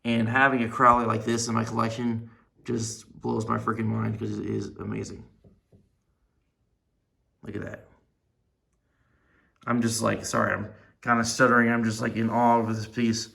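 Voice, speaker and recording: A man's voice: on the low side, completely flat delivery, normal speed, creaky, long pauses, a bit bright. A man doing a casual show-and-tell review of a collectible figure, enthusiastic and rambling, with many fillers and restarts.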